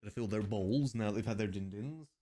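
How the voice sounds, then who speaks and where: A man's voice: lowish voice, fast, dark tone. A man streaming live, chatting casually with his viewers and joking between tasks. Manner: chatty, joking asides to chat.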